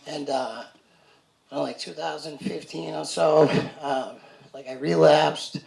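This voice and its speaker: A man in his thirties giving a personal recovery testimony at a community event, halting and full of "like" and "you know". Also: a little high, steady tone, gravelly, darkish tone, roomy sound, rough recording. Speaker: speaker sharing a recovery story. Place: event hall.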